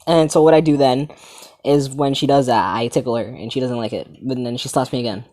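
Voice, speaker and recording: A teenage comedy host tells a story casually and ramblingly, sometimes getting sidetracked. He's animated and loose, swearing casually, in an average-pitched voice at a fairly quick pace.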